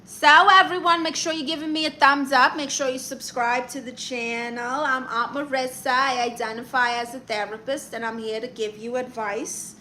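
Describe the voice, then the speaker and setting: A woman's voice: high voice, fairly even intonation, moderate pace, hardly any pauses, pushed and bright, slight background noise. A woman with a Brooklyn accent hosting a comic livestream. She reads viewer comments and gives blunt, sassy advice, calling people honey.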